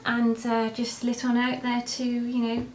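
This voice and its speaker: A woman's voice: a little high, completely flat delivery, a little slow, darkish tone, a little hiss or hum. A young woman vlogger answering viewer questions in a casual, rambling way, with lots of hesitations and restarts. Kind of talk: casual chat to camera.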